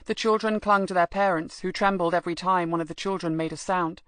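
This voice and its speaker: Low-voiced woman narrating an audiobook. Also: steady tone, a little fast, fairly bright tone, smooth, no echo. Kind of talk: scripted first-person narration.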